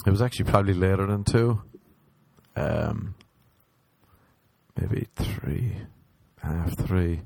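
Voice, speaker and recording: A man's voice: low voice, slow pace, creaky, long pauses, darkish tone, dry recording. A young man casually telling a rambling, profane anecdote, acting out the other people's lines as he goes. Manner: profane, rambling, acts out quoted voices. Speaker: storyteller.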